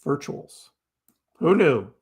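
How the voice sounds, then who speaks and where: A man's voice: fairly high pitch, very animated, slow, gravelly, a little mellow, breathy edge. A man hosting a live crypto stream, chatting casually and answering viewers' messages as he reads them. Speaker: crypto livestream host. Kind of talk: casual livestream chat with viewers.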